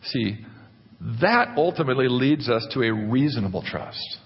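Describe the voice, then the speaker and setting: A man preaching a sermon, animated, putting questions to the congregation. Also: mid-range voice, normal speed, slightly rough. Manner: animated, asks the congregation questions, acts out quotes. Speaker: pastor. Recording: dull, echoey church hall recording.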